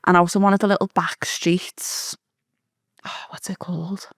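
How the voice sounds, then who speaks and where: A woman's voice: on the low side, normal speed, no echo, in a whisper, studio quality. A woman telling a story in a casual chat as a podcast guest, swearing freely and acting out the voices of the people in it. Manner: swearing, animated, acts out quoted speech.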